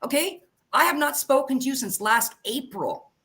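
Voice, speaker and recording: A woman's voice: high voice, lively intonation, normal speed, bright, forceful tone. A woman hosting a livestream, delivering a heated, profane rant that calls people out directly. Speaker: livestream host.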